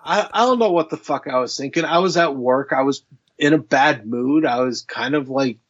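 A man's voice: medium pitch, normal speed, highs cut off. Profane, laughing podcast host man. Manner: profane, laughs often, animated retelling. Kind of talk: casual podcast banter.

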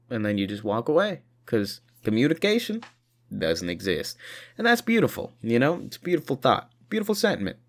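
Tired, swearing man rambling animatedly. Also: lowish voice. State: tired, short on sleep. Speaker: vlogger. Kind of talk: rambling casual monologue.

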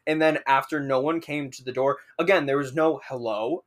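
A young man telling a story on a casual podcast, animated and swearing freely. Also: medium pitch, moderate pace. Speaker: podcast co-host.

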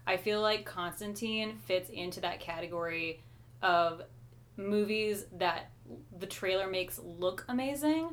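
A woman's voice: mid-range voice, measured pace. A woman co-hosting a podcast, chatting casually and easily about a comic book with frequent fillers. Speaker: podcast co-host.

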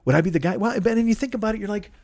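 A man's voice: high voice, very fast, a little mellow, no room sound, clean studio sound. A man hosting a comedy podcast, ranting with sarcasm and heavy swearing and acting out other people in put-on voices. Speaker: podcast host. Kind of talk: profane comedic rant.

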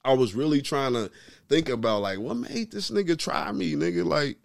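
A man's voice: on the high side, moderate pace, gravelly, no echo, studio quality. A man in his thirties co-hosting a podcast, telling a story in casual chat, full of slang and repeating "you know what I'm saying". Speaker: podcast co-host.

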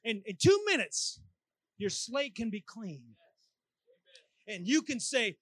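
A man's voice: sits high, very animated, slow, long pauses, breathy edge, no echo. A man preaching a sermon in a church, acting out his own prayers as he talks. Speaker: pastor. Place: church sanctuary.

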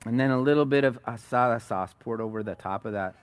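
A man preaching a sermon, retelling a story with animated, acted-out quotes and frequent restarts. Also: medium pitch, quick pace. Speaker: pastor.

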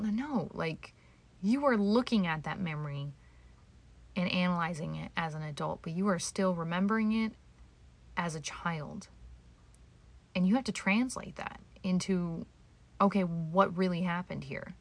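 A woman's voice: lowish voice, moderate pace. A woman hosting a solo podcast from home, talking candidly and self-deprecatingly, swearing freely and sometimes dropping to a whisper. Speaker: podcast host. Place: home, indoors.

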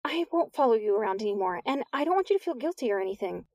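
A woman voicing a fretful teenage girl, high and heated. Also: expressive, a little mellow, no room sound, studio quality. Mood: pleading. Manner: heated, pleading, quick to self-pity. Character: anxious, emotional teenage girl.

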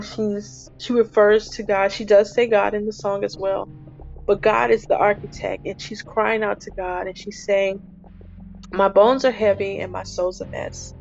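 Woman, gravelly voice, earnest devotional podcast talk, repetitive phrasing, dull lo-fi sound, faint music behind. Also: medium pitch. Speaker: podcast host.

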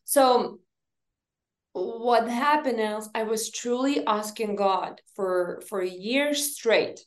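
A woman speaks as an interview guest in a voice a little higher than most. She tells her story earnestly and emphatically, with slightly grammar. The recording has a roomy, echoey sound. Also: slow. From Lithuania. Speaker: podcast guest, company founder.

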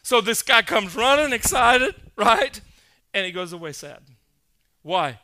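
A male pastor preaching a sermon, emphatic, building to loud, insistent peaks and quizzing his congregation. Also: high voice, lively intonation, a little slow.

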